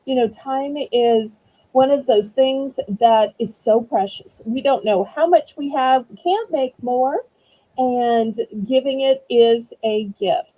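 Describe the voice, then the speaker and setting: A woman's voice: sits high, takes it slowly, mellow, poor audio. A woman with a Southern US accent hosting a live-stream auction, gracious, chatty and effusive. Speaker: auction host.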